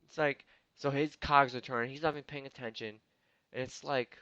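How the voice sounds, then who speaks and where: A man hosting a podcast, ranting with constant swearing and swinging between loud outbursts and muttering. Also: medium pitch, a little fast, no echo, lo-fi sound. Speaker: podcast host. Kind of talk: profane comedic rant.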